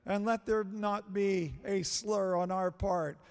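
A male preacher delivering a sermon, slow and emphatic, repeating phrases for stress. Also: high voice, fairly even intonation, a little mellow, clean tone. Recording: long hall reverb.

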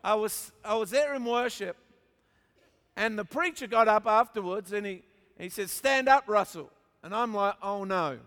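A middle-aged man with an Australian accent, preaching a sermon as an animated storyteller who jokes with his congregation. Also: high voice, moderate pace. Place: large church auditorium. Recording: long hall reverb.

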